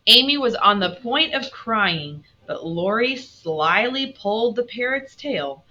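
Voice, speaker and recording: Bright, expressive woman teacher reading aloud. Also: fairly high pitch, measured pace, highs cut off. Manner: expressive, stops to quiz students. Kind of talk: reading a novel aloud to a class.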